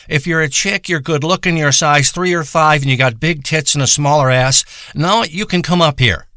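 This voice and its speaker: Man, crude comedic monologue, boastful profane ranting, bright tense voice, dry close sound. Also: fairly high pitch, no room sound. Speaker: comedic performer.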